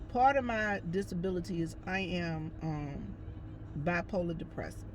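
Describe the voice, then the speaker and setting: A woman's voice: mid-range voice, slight background noise. A woman telling a personal story in a casual, chatty way, talking straight to her viewers. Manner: chatty, addresses viewers as y'all, lively retelling. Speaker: vlogger.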